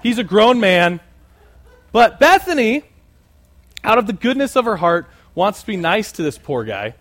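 A man preaching a sermon and telling a story, animated and conversational with many asides. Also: sits high, measured pace. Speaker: pastor.

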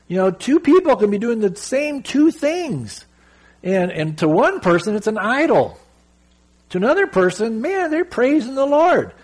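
A middle-aged man from Southern California preaching a sermon, reading scripture slowly and telling stories earnestly. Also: high-pitched, breathy edge. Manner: earnest, animated storytelling with slow scripture reading. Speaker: pastor.

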